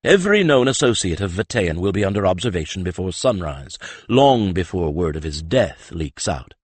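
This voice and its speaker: A man voicing a calm, authoritative older male leader who speaks smoothly and commandingly. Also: sits low, normal speed, no echo, exaggerated voice.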